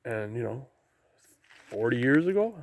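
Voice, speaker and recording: A man's voice: medium pitch, sing-song, unhurried. A man talking casually to his camera as he walks a rainy forest trail down toward the ocean, rambling about what he sees. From Canada. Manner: rambling, talks to camera while hiking. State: walking downhill on a trail. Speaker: vlogger. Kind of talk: casual walking vlog. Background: faint outdoor noise, rain and waves.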